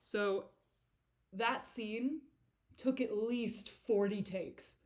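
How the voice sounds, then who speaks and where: A woman's voice: mid-range voice, very slow, background noise. A woman giving a casual director's commentary on her own video, rambling, giggling and swearing freely.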